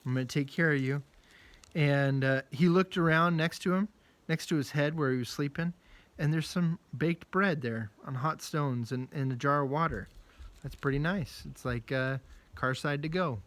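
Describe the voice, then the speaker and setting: Upbeat male children's pastor, casual and jokey, slightly raised pitch. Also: moderate pace, no echo. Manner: lively, casual storytelling with jokes. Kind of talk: children's Bible message.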